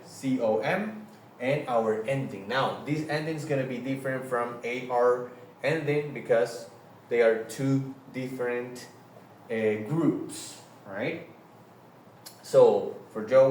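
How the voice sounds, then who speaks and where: Male teacher giving a slow, patient lesson, spelling things out; distant, reverberant room sound. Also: medium pitch, a little hiss or hum. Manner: spells out letters, praises with "very good". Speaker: Spanish teacher. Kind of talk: recorded grammar lesson.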